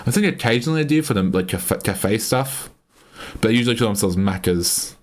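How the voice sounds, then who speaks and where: An Australian man chats casually on a live stream in a lowish, expressive voice, talking briskly. He rambles and keeps cutting himself off mid-sentence.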